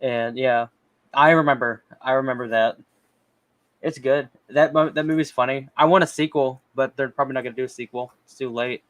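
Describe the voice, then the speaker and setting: A man's voice: medium pitch, steady tone, a little fast. A man hosting a podcast in a rambling casual chat, joking around with lots of ums and restarts. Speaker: podcast host.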